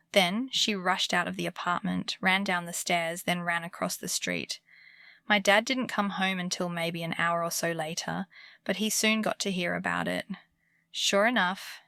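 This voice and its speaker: A woman narrates true scary stories in a calm, soothing bedtime manner. Her voice is bright and edged with a gravelly fry. The recording is close and dry, with no room sound. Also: fairly low pitch, no room sound. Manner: calm, comforting delivery. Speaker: horror story narrator. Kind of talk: scripted bedtime horror narration.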